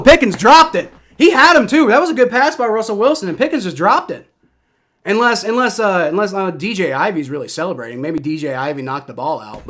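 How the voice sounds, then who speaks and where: A young man streams live football reactions and play-by-play, ranting heatedly and profanely with many restarts. His voice is on the high side and a bit bright.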